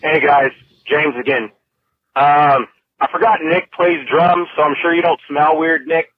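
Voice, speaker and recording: A man's voice: fairly high pitch, fairly even intonation, a little slow, husky. A man leaving a chatty, hesitant voicemail, full of ums. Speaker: voicemail caller. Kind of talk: casual voicemail. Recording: dull lo-fi voicemail.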